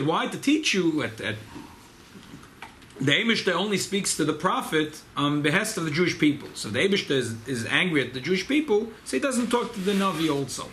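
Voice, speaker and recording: A man teaching a Torah class to a small gathering, animated and emphatic, sprinkling in Hebrew and Yiddish terms. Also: high-pitched, a little fast, a little hiss or hum. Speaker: rabbi leading a study gathering.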